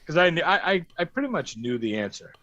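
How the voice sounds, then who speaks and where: A man's voice: fairly high pitch, big pitch swings, fast talker, sharp tone. A man hosting a casual stream chat, rambling through stories with a lot of swearing and laughing. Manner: rambling, profane storytelling with frequent laughs. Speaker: stream host. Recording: dull, dry stream audio.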